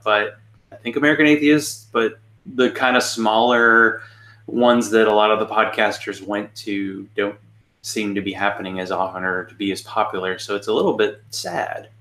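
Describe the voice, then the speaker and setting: A man's voice: on the low side, normal speed, bright, forceful tone. A man hosting a podcast interview, chatting in a musing, hesitant way. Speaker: podcast host. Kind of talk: casual interview chat. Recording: roomy echo.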